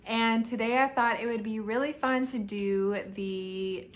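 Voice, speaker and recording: A woman in her twenties chatting casually to camera about houseplants, self-mocking and quick to laugh. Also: fairly high pitch, steady tone. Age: 20s. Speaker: plant vlogger.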